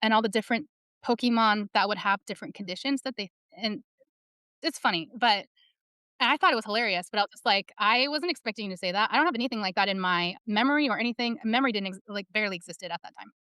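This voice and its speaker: A woman's voice: medium pitch, quick pace, clear, resonant tone, no echo, studio quality. Candid, swearing woman in casual talk. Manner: candid, profane, animated storytelling. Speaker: panel speaker. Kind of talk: casual discussion.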